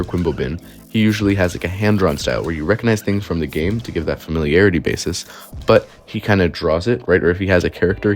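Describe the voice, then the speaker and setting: A young man talking casually to camera about YouTube creators, chatty and full of "like" and "right?". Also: low-pitched. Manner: quick, chatty, frequent "right?" and "like". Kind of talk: casual commentary video.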